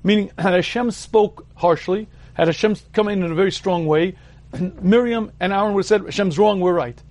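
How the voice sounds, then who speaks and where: A man teaching a Torah lecture on ethics, explaining with repeated words for emphasis and often clearing his throat. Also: high voice, moderate pace, a little mellow. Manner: explanatory, leans on repetition for emphasis.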